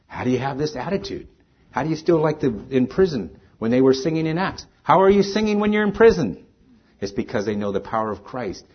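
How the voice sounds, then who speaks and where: A man preaching as pastor, earnest, swinging from emphatic stresses to quiet, soft lines. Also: medium pitch, husky. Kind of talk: sermon. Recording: dull lo-fi sermon recording.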